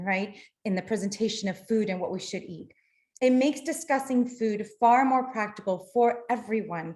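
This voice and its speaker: A woman's voice: fairly high pitch, darkish tone. Woman presenting a nutrition webinar. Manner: explanatory, practical, apologetic when slides fail. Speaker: nutrition lecturer.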